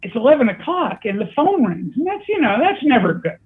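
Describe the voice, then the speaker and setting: An older man, a comedy writer and guest, telling a lively anecdote and laughing at his own punchlines. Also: extremely high pitch, brisk, husky. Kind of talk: casual storytelling. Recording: tinny phone-like line.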